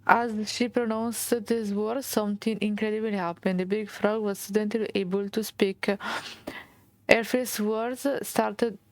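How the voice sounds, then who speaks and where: Slow-reading Italian woman streamer. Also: medium pitch, steady tone, darkish tone, dry recording. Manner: halting reading with restarts and Italian asides. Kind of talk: reading game text aloud.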